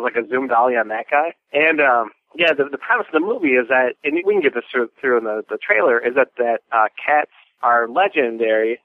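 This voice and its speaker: A man's voice: mid-range voice, no room sound. Rambling man on a tinny phone line. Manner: meandering, hesitant, lots of fillers. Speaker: voicemail caller. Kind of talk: rambling voicemail pitch.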